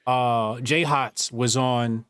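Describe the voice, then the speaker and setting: A man on a podcast chiming in with quick questions and slangy reactions. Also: mid-range voice, steady tone, fairly bright tone, clean tone, no echo, clean studio sound. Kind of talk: casual podcast chat.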